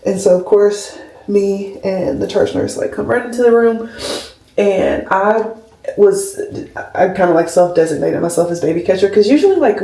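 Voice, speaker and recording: A woman's voice: medium pitch, dark tone. Rambling young woman in a roomy room. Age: 20s. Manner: rambling, heartfelt, fills with "like". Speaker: labor and delivery nurse, vlogger. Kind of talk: casual chat to camera. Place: home room, camera on a skincare shelf. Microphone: camera mic at a distance. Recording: roomy, slightly distant camera audio.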